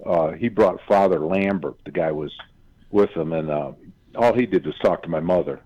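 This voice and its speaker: Deep-voiced older man telling stories. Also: normal speed, muffled recording. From Michigan. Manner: animated anecdotes, acts out quoted family voices. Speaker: guest, former football player. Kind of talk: casual storytelling on radio.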